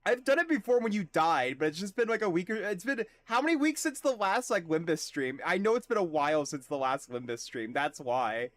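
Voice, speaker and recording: A man's voice: high-pitched, sing-song, fairly bright tone, no echo. A man streaming a video game, chatting casually and profanely with his viewers and joking at his own expense. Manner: profane, self-mocking, quick asides to chat. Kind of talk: casual game livestream chat.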